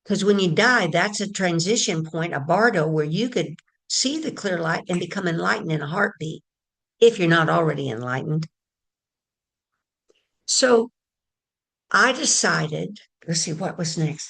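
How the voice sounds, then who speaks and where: A woman's voice: on the low side, lively intonation, normal speed, gravelly, a bit bright, slightly rough. A woman giving a casual spiritual talk, telling a story in a chatty way and addressing her listeners directly. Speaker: spiritual teacher.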